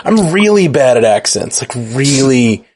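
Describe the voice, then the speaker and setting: A man's voice: mid-range voice, very animated, measured pace, a little mellow. A man co-hosting a podcast in casual chat, rambling and correcting himself as he talks. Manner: rambling, self-correcting, easygoing. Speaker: podcast co-host.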